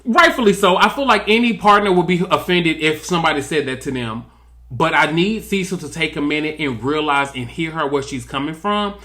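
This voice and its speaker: A man's voice: on the high side, expressive, brisk, sharp tone. A man giving sassy, drawling comedic recap commentary on a reality TV episode. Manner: sassy, drawling, mimics cast members in quotes.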